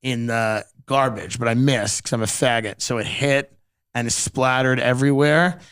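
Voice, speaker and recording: A man's voice: mid-range voice, normal speed, fairly bright tone, smooth. A man hosting a podcast, telling rambling, profane comic stories in a casual chat. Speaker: podcast host.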